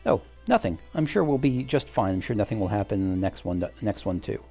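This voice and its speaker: A man narrates his video game playthrough, thinking aloud and wandering between ideas with a relaxed, rambling delivery. His voice has a gravelly, creaky edge, with faint music under it. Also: fairly low pitch, fairly quick. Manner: musing, rambling with filler words. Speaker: let's play host. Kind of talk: casual gameplay commentary.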